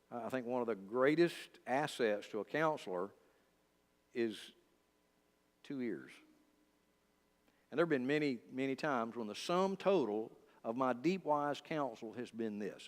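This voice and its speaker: A man, teaching a church Bible study at a middle pitch. He talks informally and straight to the room. His voice carries a long reverb from the church hall. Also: moderate pace. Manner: conversational, talks straight to the listeners, with lively asides. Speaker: pastor.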